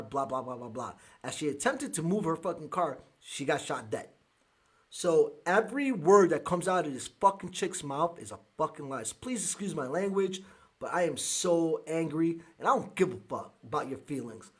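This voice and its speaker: A man's voice: a little high, animated, normal speed, slightly rough. A man hosting a podcast, reacting to news clips in a furious, profane rant. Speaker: podcast host. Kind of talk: angry commentary reacting to clips.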